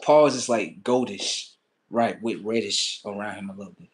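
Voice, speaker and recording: A man's voice: on the low side, moderate pace, heavy background noise. A man telling a story in a casual, profane, ranting way on his livestream.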